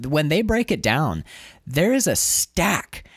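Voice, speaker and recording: A man's voice: fairly high pitch, very animated, slow pace, a bit bright, husky, no echo, studio quality. A man in casual chat as a podcast co-host, rambling with lots of fillers and restarts. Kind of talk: casual chat about comics.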